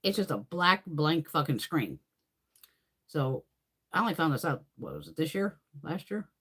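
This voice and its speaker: A woman's voice: deep voice, sing-song, moderate pace, a bit bright, husky. A woman beauty creator chatting casually on a live stream, rambling and swearing freely while answering viewers' comments.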